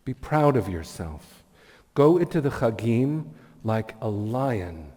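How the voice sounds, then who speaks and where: A man's voice: medium pitch, big pitch swings, takes it slowly, darkish tone, in a large hall. A man giving a heartfelt, inspirational speech with personal stories as guest speaker at a community meeting. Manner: heartfelt, earnest storytelling. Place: community event hall.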